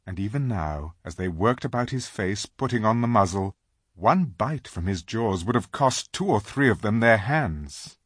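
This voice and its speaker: A man narrating a children's storybook aloud, slow and dramatic in his reading. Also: fairly low pitch, lively intonation, husky, dry recording, studio quality. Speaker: audiobook reader.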